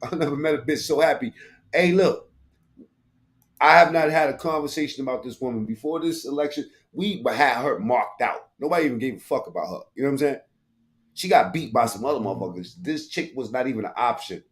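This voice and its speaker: A man's voice: medium pitch, a little fast. A man commentating live on a stream, crude and mocking, rambling in heavy slang with frequent profanity.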